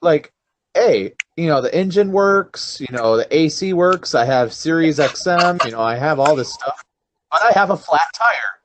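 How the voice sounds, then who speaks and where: Halting man, slightly high voice. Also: lively intonation, poor audio. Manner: halting, full of fillers, swears. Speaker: podcast co-host. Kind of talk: casual chat.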